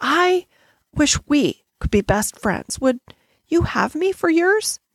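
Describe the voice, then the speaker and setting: A woman's voice: high-pitched, big pitch swings, takes it slowly, no echo, clean studio sound, pitched above the performer's own voice, heavily acted. A woman voicing a timid, awkward young schoolgirl who stammers and hesitates in a storybook reading. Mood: pleading.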